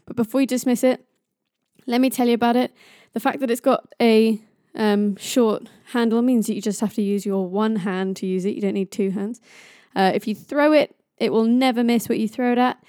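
A woman's voice: a little high, fairly even intonation, moderate pace, warm tone, no room sound, studio quality, natural voice. A woman voicing a male dwarf smith who apologizes and then eagerly talks up his work in a told myth. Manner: sheepish, then eagerly selling.

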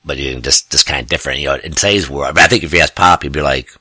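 A man's voice: a bass voice, racing, pushed and bright, breathy edge, no echo. A middle-aged man, telling a family story in a rambling, self-correcting way, often chuckling. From US Midwest. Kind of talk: casual personal storytelling.

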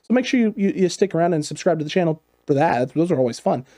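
A man hosts a football talk show in a lively, emphatic way, hammering points home by repeating them. His voice sits a bit high while its tone stays mellow. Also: fast. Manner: animated, repetitive emphatic phrasing. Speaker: sports show host. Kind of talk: casual football analysis chat.

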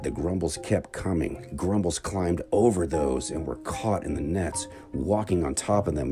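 A man narrating a children's bedtime adventure story in an expressive, dramatic read-aloud manner. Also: low-pitched.

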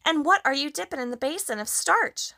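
A woman's voice: sits high, expressive, a little fast, gravelly, pushed and bright, voice pushed up, heavily acted. A woman voicing a curious, eager little girl in a storybook reading. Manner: eager, questioning. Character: curious little girl looking for her handkerchiefs.

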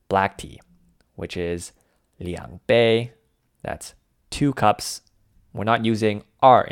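A man's voice: low-pitched, no echo, clean studio sound. A man teaching, methodically breaking phrases down into words and tones. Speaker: language teacher. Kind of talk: explaining a dialogue lesson.

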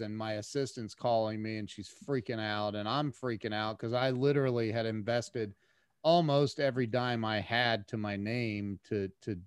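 A man guest on a podcast, telling a story in an animated way with many restarts and repeated words. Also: mid-range voice, clean tone, no room sound, studio quality. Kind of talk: casual storytelling interview.

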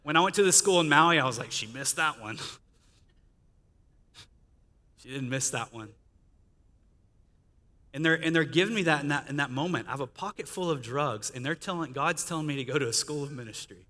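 Man, chatty preacher telling his story, bright tone, long hall echo. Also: on the high side, quick pace. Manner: conversational storytelling with quoted dialogue and laughter. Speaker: guest speaker sharing testimony. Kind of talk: testimony sermon. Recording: reverberant church hall.

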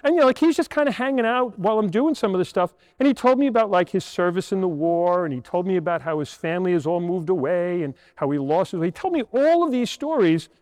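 A priest in his sixties preaches to children in a high, lively voice that swings up and down. He tells a story and keeps asking rhetorical questions. His voice carries a long church reverb. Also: quick pace, hardly any pauses. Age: 60s. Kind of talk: homily to children.

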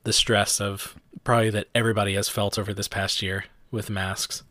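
A young man, co-hosting a podcast and telling stories in a chatty, animated way. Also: fairly low pitch, brisk, no echo. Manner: chatty storyteller, animated quotes, frequent "like". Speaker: podcast host. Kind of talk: casual chat.

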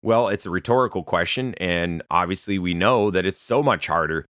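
A man's voice: low-pitched, normal speed, a bit bright, no room sound, studio quality. A man preaching a sermon in earnest, plain-spoken Bible teaching with rhetorical questions.

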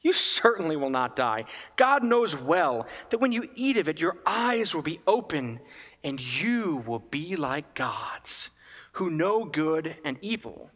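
A man reading the lines of a sly, smooth-talking male serpent tempter in a coaxing, reassuring manner. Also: fairly high pitch, very animated, slow, fairly bright tone, big-room sound, heavily acted.

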